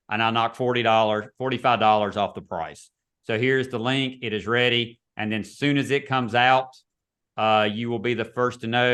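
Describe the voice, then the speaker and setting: A man's voice: medium pitch, fairly bright tone, clean tone. Man, casual webinar teacher, chatty, video call. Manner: casual, chatty, repeats himself. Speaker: real estate instructor.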